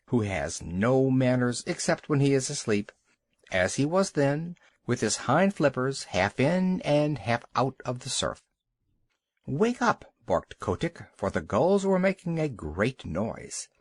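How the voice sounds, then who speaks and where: A man narrating a children's storybook with an expressive, animated reading. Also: medium pitch, no echo. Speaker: audiobook narrator.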